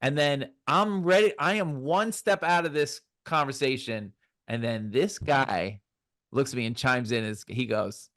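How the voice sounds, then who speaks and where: Guest comic from New York, relaxed anecdotes, average pitch, dry mic. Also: male voice, unhurried, no echo. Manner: recounts stories, quoting people. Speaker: guest comedian. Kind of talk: casual chat.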